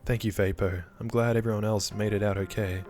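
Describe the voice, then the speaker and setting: A man's voice: on the low side, flat delivery, brisk, a little mellow, natural voice. A man voicing an injured teenage girl in a game, speaking with pained, breathless words. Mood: frightened.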